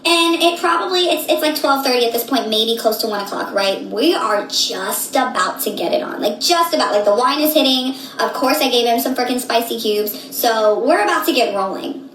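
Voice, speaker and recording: A woman in her late twenties telling a story casually, animated and slangy, acting out what people said. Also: fairly high pitch, moderate pace, echoey room, poor audio. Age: late 20s. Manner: animated, slangy, acts out quotes.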